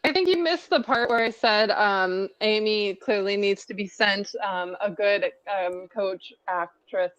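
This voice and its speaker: A woman's voice: medium pitch, measured pace, hardly any pauses, dry recording, dull audio. A woman speaking in casual live chat, dismissive and profane. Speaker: panelist.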